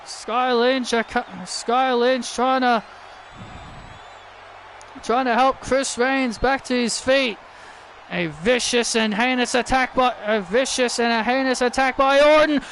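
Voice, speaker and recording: A man doing excited play-by-play wrestling commentary over a video game, often shouting and repeating himself. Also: very high-pitched, takes it slowly, slight background noise.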